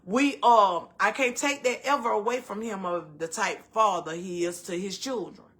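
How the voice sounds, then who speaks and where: A woman's voice: mid-range voice, normal speed, fairly bright tone. A middle-aged woman with a Southern US accent, hosting a casual storytelling chat in a blunt, profane way and acting out the voices of people she quotes. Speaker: host.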